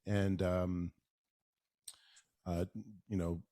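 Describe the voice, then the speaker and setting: A soft-spoken man being interviewed as a guest, answering in a halting way with many pauses and fillers. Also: sits low, little pitch movement, no echo, studio quality. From Long Island, New York. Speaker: oral surgeon, interview guest.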